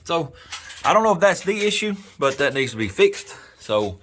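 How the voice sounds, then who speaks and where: A man's voice: on the high side, very animated, moderate pace, slight background noise. Southern guy in his garage, folksy, rambly, lots of uh and well, talking to his viewers. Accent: Southern American. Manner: folksy, rambling, thinks out loud with many fillers. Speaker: garage YouTuber and mechanic. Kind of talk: casual workshop vlog talk.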